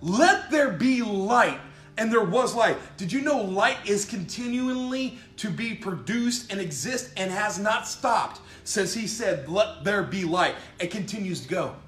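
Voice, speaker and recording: A man's voice: high voice, a bit bright. A man preaching a fiery, emphatic sermon, repeating phrases and calling out "come on" as he builds his points. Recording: echoey room with faint music behind.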